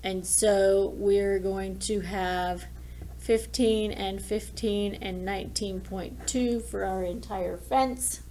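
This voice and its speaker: A woman's voice: medium pitch, steady tone, slow, mellow, slight background noise. A woman teacher walking through math problems in a recorded lesson, thinking aloud as she draws and works them out. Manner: talks while drawing and working problems aloud.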